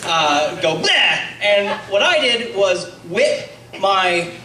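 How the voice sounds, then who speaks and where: A man's voice: sits high, lively intonation, slow pace, slight background noise. A man in his twenties doing a stand-up comedy set, hesitant and self-deprecating with many ums. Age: 20s. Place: comedy club stage. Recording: roomy club sound, mic heard from a distance, loud crowd laughter. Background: audience laughing.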